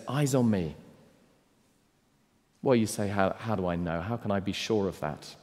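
Low-voiced man preaching in a reverberant hall. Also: unhurried, long pauses. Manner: emphatic, swinging from loud declarations to hushed appeals. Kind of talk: sermon.

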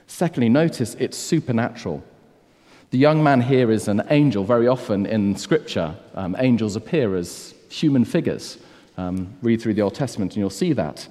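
A man's voice: lowish voice, expressive, normal speed, warm tone, long reverb tail. A man, preaching an earnest, emphatic Easter sermon to a church congregation and asking rhetorical questions. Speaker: pastor.

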